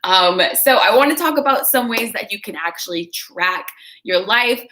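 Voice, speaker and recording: Bright-voiced chatty woman fitness coach. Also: medium pitch, lively intonation, normal speed, a little hiss or hum. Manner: chatty, coaching, reads out viewer comments. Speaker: fitness creator. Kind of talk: casual livestream talk.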